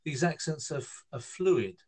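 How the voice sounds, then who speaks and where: A man in his fifties from northern England, speaking, telling a long personal story in a relaxed interview, with lots of fillers and restarts. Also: fairly high pitch, unhurried. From Newcastle, northern England. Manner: rambling, hesitant, with many fillers and restarts. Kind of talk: casual storytelling conversation.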